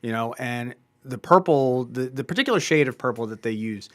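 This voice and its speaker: A man co-hosting a comic book review podcast, talking in an animated, enthusiastic, casual way. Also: mid-range voice, a little fast, dry recording.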